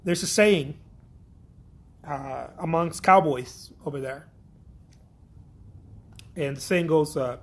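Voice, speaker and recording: A man's voice: on the high side, slow, long pauses. A man from Mexico, an artist giving a blunt, profane, repetitive pep talk in a casual vlog.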